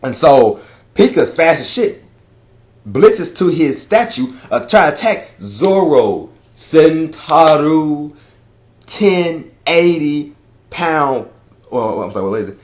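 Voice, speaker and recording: A man giving a casual chapter review, talking in a loud, profane, rambling way that is full of laughter. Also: mid-range voice, sing-song, normal speed. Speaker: anime and manga reviewer.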